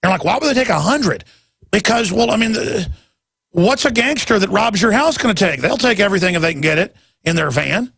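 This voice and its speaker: Gravelly ranting talk radio host. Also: male voice, sits high, expressive, brisk, no echo, clean studio sound. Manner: ranting, rambling, with sudden loud emphatic jumps.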